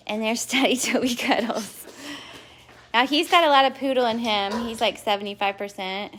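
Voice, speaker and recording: A woman's voice: moderate pace, a bit bright. Woman, home dog breeder, casual live chat, coos at the dogs, phone mic, faint hiss. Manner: chatty, talks to her dogs in a high coaxing voice.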